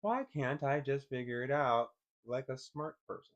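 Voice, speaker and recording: This casual screen-share commentary features a man vlogger with a medium-pitched voice at a moderate pace, recorded in lo-fi sound. Struggling to zoom a picture on his computer, he rambles, swears often, and mutters his frustration aloud to viewers.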